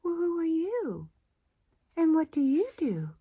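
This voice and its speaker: A woman's voice: wildly swooping pitch, slow pace, full character voice. A woman voicing friendly, easygoing zebras. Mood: kindly. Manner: friendly, high and mellow.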